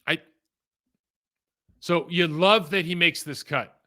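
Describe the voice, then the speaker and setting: A middle-aged man talks through football game film in a casual, rambling way, often restarting sentences and drifting into asides. His voice is very bright and forward, sitting slightly above the usual male pitch. The delivery stays animated and conversational. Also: takes it slowly. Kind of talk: casual film breakdown commentary.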